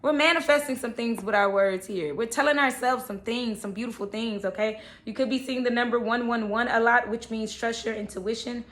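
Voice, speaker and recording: A woman's voice: fairly high pitch, steady tone, fairly quick, few pauses, fairly bright tone. A woman giving a casual, chatty tarot reading, often checking in with "okay" and "all right". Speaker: tarot reader.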